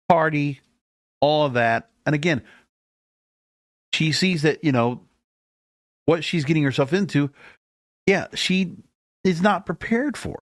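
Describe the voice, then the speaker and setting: A man with a fairly high voice hosts a podcast and comments on an interview clip. He talks reflectively and keeps returning to the same points. His voice is dry and close, with no room sound. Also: no room sound. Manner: reflective, circles back to repeated points. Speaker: podcast host.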